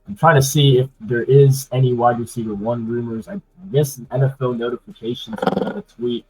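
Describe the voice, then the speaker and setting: A man's voice: medium pitch, expressive, normal speed, gravelly, very noisy. A man hosting a casual sports talk show, loose and rambling with many fillers. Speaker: podcast host.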